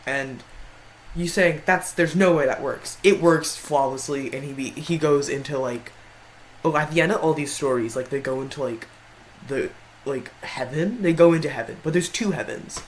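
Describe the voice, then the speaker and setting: A man's voice: a little high, moderate pace, a little hiss or hum, poor audio. A man giving casual tier-list commentary in a rambling way, often stopping to correct himself. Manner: rambling, frequent self-corrections. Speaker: video creator.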